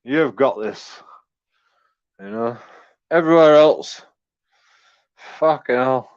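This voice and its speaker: A man's voice: mid-range voice, slow, clean tone, highs cut off. An English man ranting casually, full of swearing and stumbling restarts. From England. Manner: profane, rambling, stumbling repeats, chuckling. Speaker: YouTube commentator. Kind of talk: casual rant.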